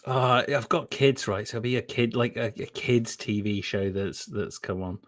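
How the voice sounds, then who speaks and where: A man's voice: medium pitch, normal speed. A man, chatting casually and telling stories with lots of laughter. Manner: giggly, animated storytelling. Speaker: guest. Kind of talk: casual chat on a live stream.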